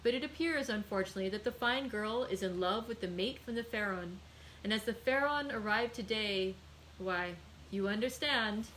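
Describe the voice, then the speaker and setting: A woman's voice: medium pitch, moderate pace, a bit bright, slight background noise, lightly acted, low-quality recording. A woman reading aloud and voicing a jovial, half-drunk man who teases his friend in a raised, mocking voice. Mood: teasing.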